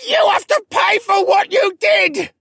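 A man's voice: very high-pitched, lively intonation, slow, gravelly, sharp tone, no room sound, pitched above the performer's own voice, exaggerated voice. A man voicing a furious, injured young male elf who screeches through the pain. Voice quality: screeching, strained. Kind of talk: audiobook narration.

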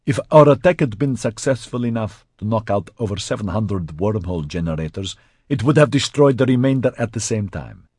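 A man voicing an excitable, argumentative male official who speaks emphatically. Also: on the low side, a little fast, husky, dry recording, studio quality, pitched above the performer's own voice. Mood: emphatic.

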